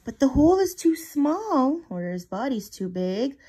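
Give me a squeaky little mouse, as a woman puts him on. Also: big pitch swings, warm tone. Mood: squeaky, eager. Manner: squeaky, brisk. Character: helpful little male mouse, bossy but kind.

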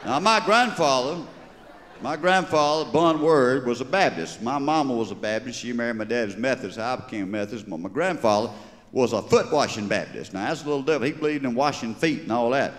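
Here a stand-up humorist from Georgia, USA, rambles through folksy stories before a stage audience, his Georgia Southern accent plain to hear. The medium-pitched voice is animated and brisk. A little hiss or hum sits under the live recording, which has long reverb.

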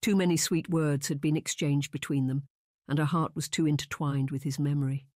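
An audiobook narrator reading a historical romance in measured, even scripted narration. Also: mid-range voice, no room sound, studio quality.

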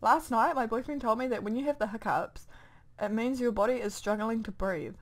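A woman's voice: fairly high pitch, fairly quick. A young woman with a New Zealand accent rambling casually through gameplay commentary into a desk microphone at home, muttering to herself as she goes. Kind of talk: casual let's play commentary.

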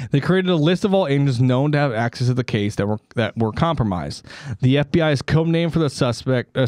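A man's voice: medium pitch, darkish tone, no room sound, clean studio sound. A man co-hosting a comedy podcast, reading out a story casually and stumbling over names with joking asides. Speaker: podcast co-host.

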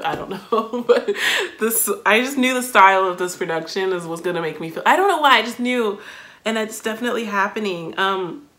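A woman hosting a music reaction video, giving thoughtful, emotional first impressions with frequent pauses and fillers. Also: fairly low pitch, fairly bright tone. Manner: thoughtful, emotional, many fillers and self-interruptions. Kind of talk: casual reaction commentary.

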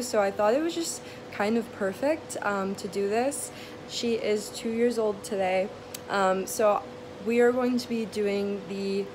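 A woman's voice: mid-range voice, background noise. A young woman vlogger chatting casually to her viewers, with plenty of "um" and "like" fillers. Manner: chatty, filler-heavy talk with lots of "um" and "like". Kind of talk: casual vlog chat. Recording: music playing behind.

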